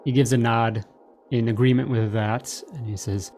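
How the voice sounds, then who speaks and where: Chill guy game master narrating, lots of uhs, mid voice, quiet music behind. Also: mid-range voice, moderate pace. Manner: relaxed, hesitant, filler-heavy.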